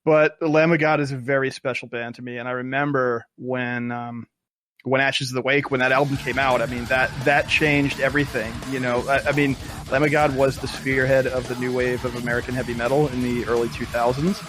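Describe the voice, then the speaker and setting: A man's voice: medium pitch, little pitch movement, music in the background. Earnest Philadelphia man gushing on a podcast. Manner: earnest, enthusiastic, halting restarts. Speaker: podcast guest. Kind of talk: casual chat.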